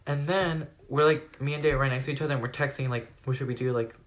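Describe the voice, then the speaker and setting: A teenage young man telling a personal story to his vlog audience in a rambling, animated way, packing nearly every phrase with "like.". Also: mid-range voice, fast. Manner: rambling, animated retelling full of "like". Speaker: vlogger. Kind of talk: storytime retelling.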